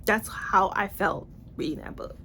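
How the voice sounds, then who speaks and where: A young woman casually reviewing books in a vlog, blunt and animated, with swearing and playful asides. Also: medium pitch, moderate pace, vocal fry, a little hiss or hum. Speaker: book reviewer.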